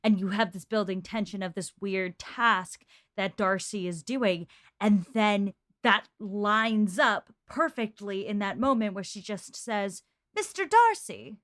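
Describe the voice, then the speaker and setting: A woman co-hosts a podcast and trades wry, chatty remarks about a drama episode. Her voice sits at a middle pitch, and the recording is close and dry with no room sound. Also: steady tone, unhurried, fairly bright tone, dry recording. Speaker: podcast co-host. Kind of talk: casual chat recapping a TV episode.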